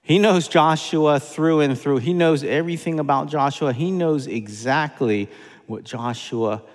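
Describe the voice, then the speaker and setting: A man's voice: a little high, measured pace. A man preaching a sermon, emphatic and repeating key phrases for weight. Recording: long hall reverb.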